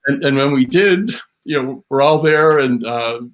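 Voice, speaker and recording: A man from Buffalo, a drum historian guest, explaining in a halting way with many fillers. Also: medium pitch. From Buffalo, USA. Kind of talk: casual chat.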